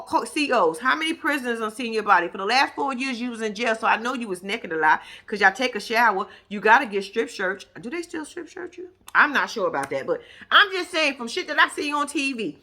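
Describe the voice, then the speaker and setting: A woman casually recapping events as a show host, animated and profane, mimicking the people she quotes. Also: fairly high pitch, a little fast.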